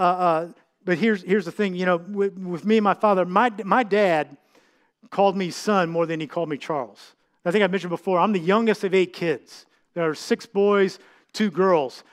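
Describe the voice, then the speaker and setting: A middle-aged man, a pastor, preaching a heartfelt sermon that often halts and restarts with fillers. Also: sits high.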